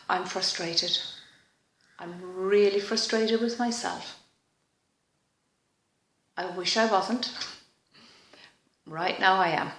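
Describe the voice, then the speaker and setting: A woman leading a guided EFT tapping session in a slow, soft, reflective manner, pausing for frequent sighs. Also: lowish voice, roomy sound.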